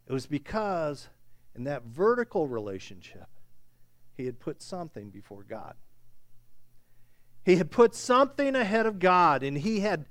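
Animated, high-voiced male preacher. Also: no echo. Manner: animated, conversational preaching with frequent "okay?". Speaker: pastor. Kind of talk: sermon.

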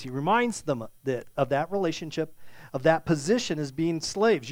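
A man's voice: a little high, expressive, normal speed, dry recording. A middle-aged man preaching a conversational Bible sermon as pastor, often checking in with his listeners. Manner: conversational preaching with frequent "okay?" check-ins.

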